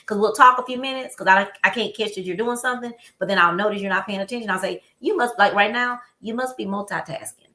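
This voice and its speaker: Bright-voiced woman telling a story. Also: medium pitch, echoey room. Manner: storytelling, animated and emphatic. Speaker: podcast co-host. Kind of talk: casual chat.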